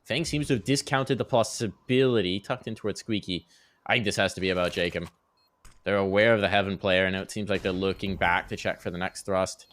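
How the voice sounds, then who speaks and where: A man giving measured, analytical commentary on the game. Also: deep voice, fairly bright tone. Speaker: esports analyst.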